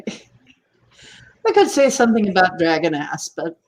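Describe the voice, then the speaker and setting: A woman's voice: lowish voice, sing-song, slow pace. A woman hosting a casual livestream chat, teasing and laughing often as she talks. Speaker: livestream host.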